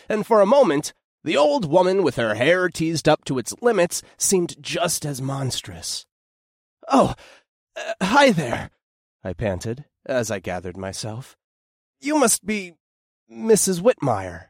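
A young man narrating a first-person horror story in an expressive, tense storytelling manner. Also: medium pitch, dry recording, clean studio sound.

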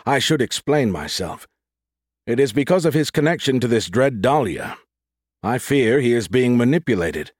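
A man's voice: medium pitch, animated, moderate pace, husky, dry recording, studio quality, pitched above the performer's own voice. A man voicing a formal, suspicious male official who speaks in a clipped, proper way.

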